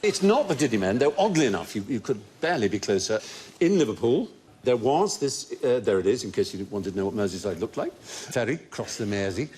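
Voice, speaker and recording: A man's voice: medium pitch, very animated, fast, a little mellow. An older man hosting a panel quiz show, telling anecdotes in an erudite, storytelling way and laughing often. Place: TV studio before a live audience. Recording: studio audience and faint noise.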